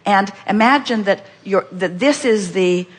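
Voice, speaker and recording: A woman gives inspirational teaching at a live question-and-answer seminar, speaking at a middling pitch. She talks emphatically, repeats her points and acts out the thoughts she quotes. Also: unhurried.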